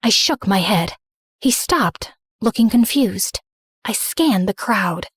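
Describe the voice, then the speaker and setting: A woman's voice: mid-range voice, expressive, slow pace, slightly rough, no echo, clean studio sound. A woman narrating a dramatic first-person story in an earnest storytelling manner.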